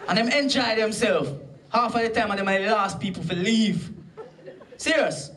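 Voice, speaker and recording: A man's voice: high-pitched, normal speed, fairly bright tone. A man with a Jamaican accent performing a stand-up comedy set, punchy and bantering with the audience. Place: comedy club stage. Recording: amateur live recording from far off, crowd noise.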